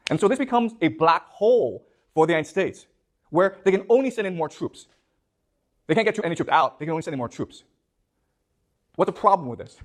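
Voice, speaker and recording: A man's voice: a little high, sing-song, brisk, pauses often. A man giving a classroom lecture, posing questions to his students and checking in with them again and again. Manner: keeps checking in with "okay? you understand?".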